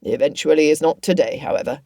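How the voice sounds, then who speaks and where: A woman's voice: low voice, fast, mellow, dry recording. A woman reading an audiobook voices a wry older father, speaking mildly and sardonically. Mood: dry. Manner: mild, dry, sardonic. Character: dry, wry older father behind a newspaper.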